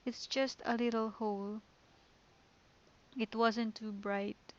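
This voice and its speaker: Woman reading a poised schoolgirl club leader from a game, gentle and calm, on a dull lo-fi mic. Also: a little high, slow pace. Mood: hushed. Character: poised confident teen girl club president. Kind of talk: reading game dialogue aloud.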